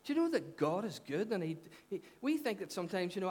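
Earnest Northern Irish pastor, high voice. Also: male voice, lively intonation, fast, few pauses, a little mellow. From Northern Ireland. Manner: earnest and conversational, rising with emphasis and dropping low for asides. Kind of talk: sermon. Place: church hall.

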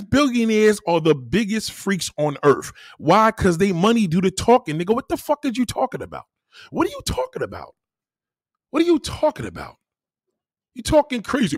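A man hosting a livestream, ranting loudly and profanely as he reacts to viewer comments. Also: on the high side, huge pitch swings, a little fast, breathy edge, no echo, clean studio sound. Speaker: livestream host. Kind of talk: heated livestream rant.

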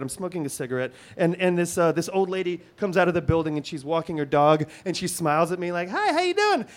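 A middle-aged man telling a comic personal story, halting and full of restarts, swinging between hushed and excited. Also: high voice.

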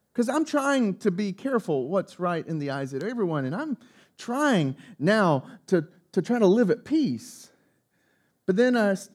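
A male pastor preaching a sermon, telling a personal story in an animated, self-mocking way. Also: high voice.

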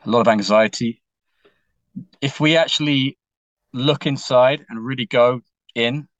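Bright-voiced English man, rambling and heartfelt. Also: medium pitch, measured pace, dry recording, lo-fi sound. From England. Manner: rambling and emotional, with many restarts and casual swearing. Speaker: musician guest. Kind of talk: candid conversational storytelling.

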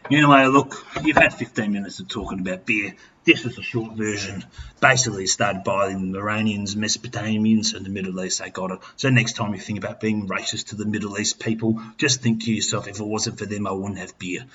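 A man's voice: lowish voice, fairly even intonation, a little fast, sharp tone. A tipsy Australian man in his fifties hosting a podcast, rambling crudely and swearing constantly. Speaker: podcast host. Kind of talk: boozy comic rant. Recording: slightly dull with faint noise.

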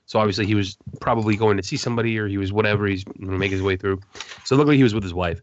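A man co-hosting a podcast, telling stories in a rambling, animated way and swearing often. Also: fairly low pitch, very fast, dull audio. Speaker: podcast co-host. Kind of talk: casual storytelling chat.

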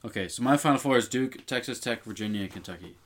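A man's voice: medium pitch, quick pace. A young man co-hosting a casual sports podcast, talking with confidence and making bold picks. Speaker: podcast co-host.

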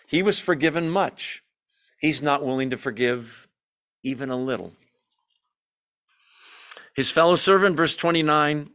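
Animated man teaching a Bible study. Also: a little high. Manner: animated, emphatic, asks the group questions; self-deprecating asides.

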